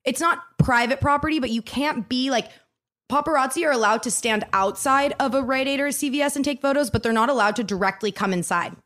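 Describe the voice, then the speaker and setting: Young woman, fast animated storyteller, higher voice, acts out every quote. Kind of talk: casual storytelling chat.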